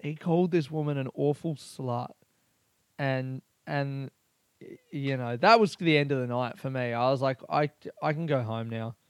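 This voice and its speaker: Rambling comedian, dry close mic. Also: male voice, mid-range voice, normal speed, clean tone, no echo. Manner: rambling, candid, swears often, lots of fillers. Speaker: comedian podcast host. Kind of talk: casual personal monologue.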